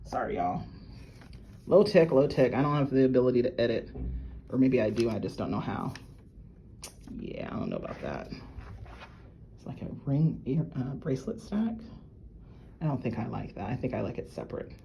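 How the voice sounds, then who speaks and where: A woman, gushing and excitable as she unboxes jewelry and chats with viewers she calls y'all. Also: extremely low pitch, moderate pace, gravelly, long pauses, dull audio, slight background noise. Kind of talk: casual unboxing chat to viewers. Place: at work.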